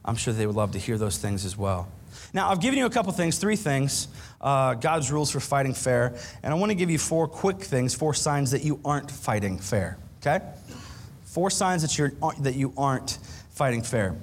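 Animated preaching man. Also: medium pitch, slight background noise. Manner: animated, acts out quoted arguments. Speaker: pastor. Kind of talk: sermon.

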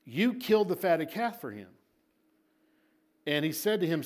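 A male preacher with a fairly high voice tells a story to a congregation. He repeats words for emphasis and moves between booming lines and quiet asides. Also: expressive, moderate pace. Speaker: pastor. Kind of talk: sermon.

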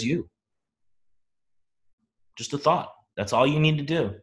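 A man's voice: mid-range voice, a little fast, pauses often, fairly bright tone. A man hosting a coach training session, giving an emphatic motivational talk and asking the audience questions.

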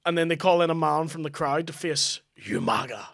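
Higher-voiced man, dry joking podcast co-host. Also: lively intonation, fairly quick, vocal fry, fairly bright tone. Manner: dry, swearing, storytelling banter. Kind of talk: casual comedic chat.

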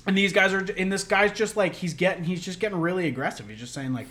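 A man's voice: on the high side, fast talker, few pauses, a bit bright. A young man co-hosting a podcast, telling a long story in a rambling, laughing way with lots of fillers. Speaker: podcast co-host. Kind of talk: casual storytelling chat.

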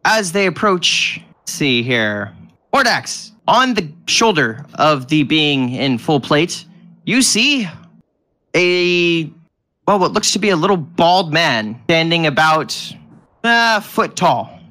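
A man's voice: fairly high pitch, big pitch swings, slow, sharp tone. A man narrating a tabletop game as game master, describing scenes with restarts and little sound effects.

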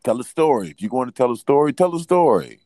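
A man's voice: mid-range voice, big pitch swings, fast, mellow, no echo. A man hosting a casual live stream, loose and laughing as he coaxes callers to perform.

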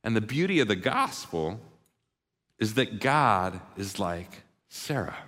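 A man's voice: lowish voice, big pitch swings, slow, a bit bright. A man preaching a sermon, telling a story and acting out the voices of its characters. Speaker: pastor. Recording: long reverb of a large hall.

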